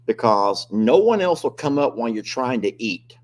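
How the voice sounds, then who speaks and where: A man's voice: mid-range voice, very animated, normal speed. An older man, hosting a casual live-stream chat, joking and complaining animatedly. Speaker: host.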